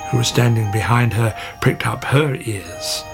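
A storybook narrator reading a children's animal tale with an expressive delivery. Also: medium pitch, measured pace. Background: music.

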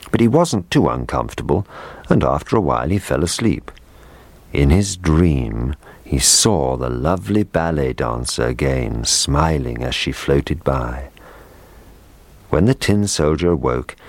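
A man reading a children's fairy tale aloud in a gentle, measured way. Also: rumbling low, no room sound. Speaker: storyteller. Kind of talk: scripted narration.

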